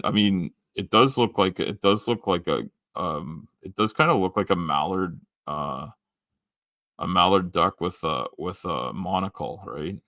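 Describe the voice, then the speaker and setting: Low-voiced Canadian man rambling on stream. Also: vocal fry, bright, forceful tone, no echo, studio quality. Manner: rambling, halting, many restarts and ums. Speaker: livestream host. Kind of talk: casual livestream chat reading comments.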